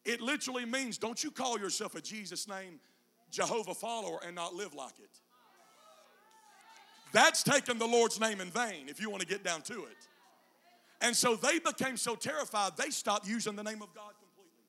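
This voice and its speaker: A man preaching in a high, bright voice with a gravelly edge. He swings from quiet, low teaching passages into shouted, half-sung climaxes, dropping an "uh" before each chanted phrase. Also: expressive, normal speed. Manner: whooping preacher cadence, "uh" between chanted phrases. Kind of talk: sermon.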